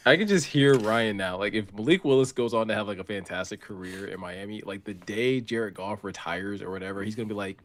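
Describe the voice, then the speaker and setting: A man's voice: on the low side, a little fast, hardly any pauses. A man co-hosting a sports podcast, rambling with lots of "like" and laughing as he goes. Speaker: podcast co-host. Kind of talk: casual podcast banter.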